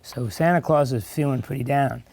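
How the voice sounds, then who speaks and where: An older man reads a picture book aloud in a classroom, chatting between pages and putting questions to the children. His voice sits at a middle pitch, and children's voices can be heard around him. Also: moderate pace, vocal fry, a little mellow. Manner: chatty, stops to ask and explain. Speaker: guest reader in a classroom. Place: elementary school classroom.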